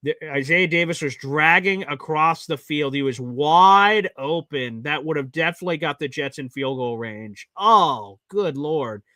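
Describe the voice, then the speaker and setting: A man's voice: a little high, expressive, a little slow, hardly any pauses, bright, forceful tone, no room sound. A man hosting a live watch party stream, calling play-by-play and getting exasperated at bad plays.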